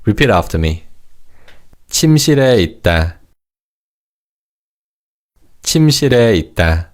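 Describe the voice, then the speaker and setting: A man teaching a language lesson in a clear, encouraging way, modelling words for the listener to repeat. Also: lowish voice, very animated, fast talker.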